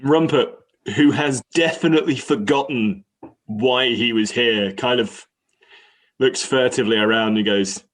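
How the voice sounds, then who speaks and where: A man's voice: medium pitch, a little slow. A man playing a tabletop game, narrating his character's actions with comic timing. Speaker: player.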